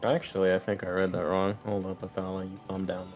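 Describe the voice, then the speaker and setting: A man's voice: deep voice, level tone, fast, soft background music. A young man acting as game master, narrating loosely with lots of filler words. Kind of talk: running a tabletop game over voice chat.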